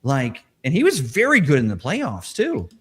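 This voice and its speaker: A man co-hosts a fantasy football podcast, breaking down receivers and stats with animated enthusiasm. His pitch is middle but swings widely, rising and falling as he talks and jokes. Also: moderate pace, slightly rough. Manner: animated analyst, jokes and laughs. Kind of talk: casual podcast chat.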